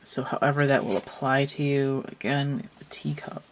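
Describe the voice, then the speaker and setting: A woman talks through a tarot card reading in a loose, chatty way. She thinks out loud and drifts into side remarks as she goes. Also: rumbling low, steady tone, moderate pace, a little hiss or hum. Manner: rambling, thinks aloud with asides. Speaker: tarot reader. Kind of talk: casual tarot reading commentary.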